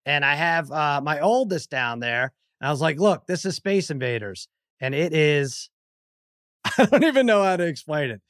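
A man in his forties with a slightly high voice tells stories in an animated, exasperated, jokey style as a podcast co-host. The mic is close and completely dry. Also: normal speed, clean tone, no room sound. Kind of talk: casual chat, storytelling.

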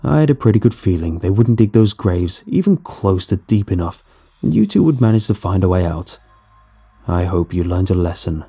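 A man's voice: low-pitched, normal speed, slightly rough, soft background music, heavily acted. A man voicing a sly, menacing small-town doctor. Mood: cold, mocking. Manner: calm, mocking, matter-of-fact.

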